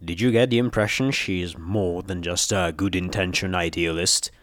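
A calm, practical stallion companion speaking low and even, as a man reads him. Close, dry storybook delivery. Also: moderate pace, no echo.

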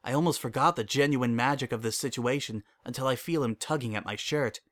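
A man's voice: medium pitch, brisk, fairly bright tone. A man narrating a first-person story and acting out its dialogue expressively.

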